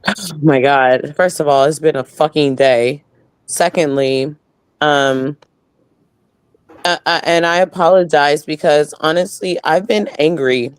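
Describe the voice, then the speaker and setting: A woman's voice: low voice, measured pace, clean tone, no room sound. A woman guest on a talk roundtable, angry and swearing hard as she vents about politics. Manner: angry, profane, emphatic. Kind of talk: heated political rant.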